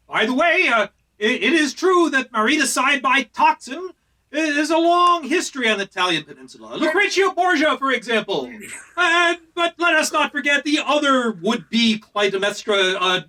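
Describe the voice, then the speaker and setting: A rambling, pedantic old doctor, played by a performer with a bright, high, swooping voice. He lectures on and on, heard from some distance away from the mic. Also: exaggerated voice. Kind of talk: stage comedy acting.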